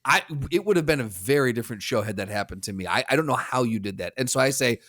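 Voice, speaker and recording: A man's voice: mid-range voice, expressive, fast talker, a bit bright, dry recording, clean studio sound. A man co-hosting a podcast in casual chat, rambling and restarting sentences as he retells what others said. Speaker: podcast co-host.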